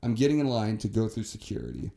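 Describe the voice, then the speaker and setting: A young man with a mellow, dark-toned voice rants on a podcast, cursing freely as he vents. His delivery is heated and profane, with the loose rhythm of casual chat between co-hosts. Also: lowish voice, very animated, fast, vocal fry. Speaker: podcast co-host.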